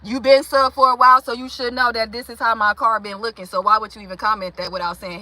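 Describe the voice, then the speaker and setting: Bright-voiced, blunt woman venting. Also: on the high side, fast talker, few pauses, rough recording. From Milwaukee, Wisconsin. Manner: animated, blunt, confrontational. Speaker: vlogger. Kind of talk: venting monologue.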